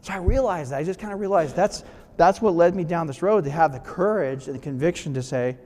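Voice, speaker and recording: A man's voice: fairly high pitch, fairly quick, darkish tone. Guy giving a casual self-help talk to a crowd, keeps asking "right?", long hall reverb. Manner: conversational, asks the audience "right?" often, restarts phrases. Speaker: guest speaker. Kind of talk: motivational talk to a live audience.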